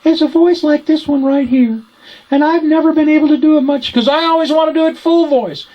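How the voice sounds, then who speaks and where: A man teaching ventriloquism in a high falsetto voice. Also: steady tone, brisk, muffled recording. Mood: explaining. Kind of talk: instructional demonstration.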